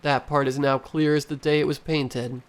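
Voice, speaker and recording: A man voicing an adult woman who calmly reports what she sees in a read-aloud scary story. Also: fairly high pitch, moderate pace, lightly acted. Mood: steady. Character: adult woman, a spirit medium, calm and obedient.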